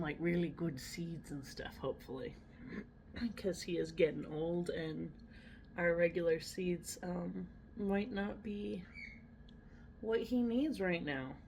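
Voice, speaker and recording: A woman's voice: lowish voice, a little mellow, a little hiss or hum. A woman vlogger chatting casually about her day, rambling with lots of fillers. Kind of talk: casual daily vlog chat.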